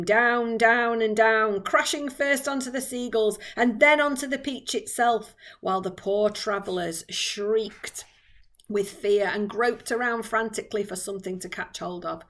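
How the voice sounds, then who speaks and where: A woman's voice: a little high, a bit bright. A woman teacher reading a children's book aloud with dramatic expression.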